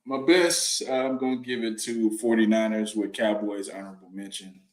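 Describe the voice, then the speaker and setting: A man's voice: on the low side, steady tone, moderate pace, darkish tone. A man on a casual sports talk panel making brief, dry remarks about football. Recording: roomy echo.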